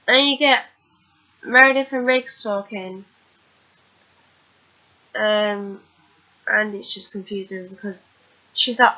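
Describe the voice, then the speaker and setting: A woman's voice: medium pitch, steady tone, takes it slowly, pauses often, pushed and bright. A woman chatting casually through a TV episode recap, rambling with lots of fillers. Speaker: TV recap vlogger. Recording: dull lo-fi recording.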